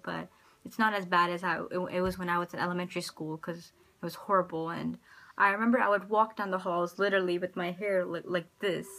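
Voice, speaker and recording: A woman with an American accent, telling personal stories to camera in a casual vlog, rambling and hesitant with many pauses and restarts. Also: on the low side, fairly bright tone. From United States. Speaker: vlogger.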